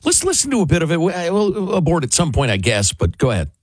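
A man co-hosting a talk radio show, chatting in an animated way about a documentary. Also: fairly high pitch, fast talker, husky, no echo. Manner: animated, laughs while mocking. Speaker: radio co-host. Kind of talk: casual talk radio banter.

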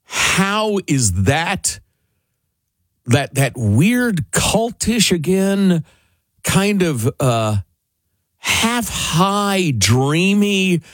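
Husky, lively radio co-host man. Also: sits high, no echo. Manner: animated, laughs while mocking. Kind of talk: casual talk radio banter.

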